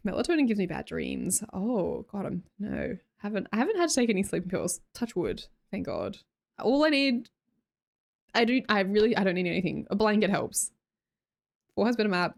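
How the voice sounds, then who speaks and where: A woman's voice: mid-range voice, vocal fry. A playful woman with an Australian accent, chatting late at night with her livestream viewers and laughing often. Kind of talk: casual livestream chat.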